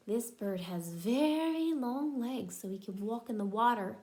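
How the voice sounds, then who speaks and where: A woman's voice: fairly high pitch, expressive, measured pace, few pauses, dark tone. A young woman reading a picture book aloud to young children as a teacher, in a sing-song way, stopping to explain words and make bird calls.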